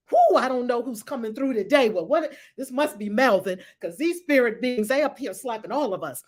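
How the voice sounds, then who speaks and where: A middle-aged woman teaching a spiritual class in a blunt, animated, profane way. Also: sits high, normal speed, few pauses. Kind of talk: live online spiritual class talk.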